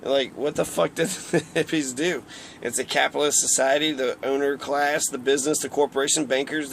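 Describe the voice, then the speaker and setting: A man's voice: medium pitch, slight background noise. A man giving a casual, heated political rant, rambling and swearing often. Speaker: political commentator.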